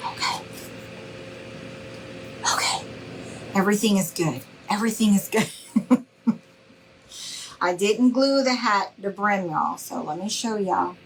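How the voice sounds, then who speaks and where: A woman's voice: medium pitch, a little slow, long pauses, slight background noise, poor audio. A middle-aged woman, giving a live craft tutorial in a chatty, reassuring way and greeting viewers by name. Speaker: craft instructor.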